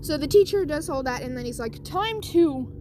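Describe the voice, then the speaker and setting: A woman's voice: high voice, lively intonation, fast talker, warm tone, a little hiss or hum. A woman casually retelling a fan story, rambling and correcting herself with many fillers.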